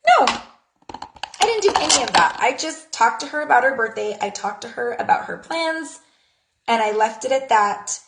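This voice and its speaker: With lively intonation and a moderate pace, a woman in her thirties gives casual social media pointers for her jewelry business while speaking to camera. She's chatty, acting out small dialogues in a high, bright voice, and the room sounds echoey.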